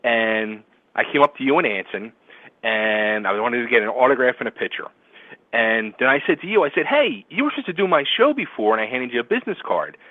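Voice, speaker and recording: Excitable male radio host, phone-line sound. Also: mid-range voice, a little fast, no echo. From Philadelphia area. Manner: excitable, laughs often, acts out quotes. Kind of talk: casual storytelling chat. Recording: tinny phone-line audio.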